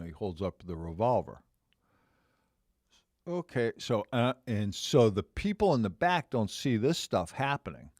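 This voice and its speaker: A man's voice: deep voice, darkish tone, dry recording, studio quality. A man around seventy, hosting a podcast, telling a long personal story in a casual, rambling way that repeats phrases and circles back. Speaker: podcast host.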